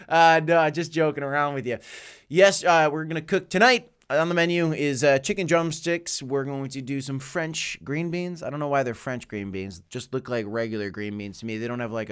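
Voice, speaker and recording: A man's voice: on the high side, fairly bright tone, clean tone. A man hosting a live crypto show from his home office, upbeat and joking as he chats with viewers. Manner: upbeat, joking, chatty asides. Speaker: crypto livestream host. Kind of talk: live market commentary reading viewer chat.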